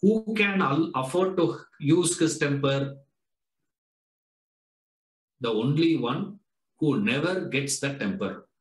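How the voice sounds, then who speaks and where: Male Vedanta teacher, Indian English accent, higher-pitched voice, roomy echo, prods the class with rhetorical questions. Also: expressive, slow, long pauses. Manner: questioning, rhetorical, drills students with "no?" and "huh?". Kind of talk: classroom lecture. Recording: echoey lecture room.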